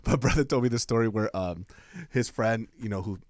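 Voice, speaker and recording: A man co-hosting a podcast, telling stories loudly with casual swearing and acted-out quotes. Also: lowish voice, a little fast, no echo, studio quality. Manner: loud, profane storyteller, acts out quotes. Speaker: podcast co-host.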